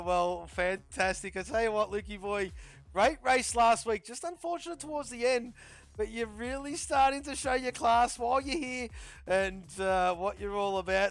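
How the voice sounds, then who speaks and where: High-voiced enthusiastic male racing host. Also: creaky, no echo. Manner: enthusiastic, with repeated stock phrases and friendly banter. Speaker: league host interviewing drivers. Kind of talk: upbeat post-race interview hosting.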